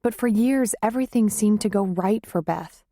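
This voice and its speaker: In studio-quality audio with no room sound, a female audiobook narrator delivers scripted narration of a romance novel. Her mid-range voice keeps a steady, measured storytelling pace.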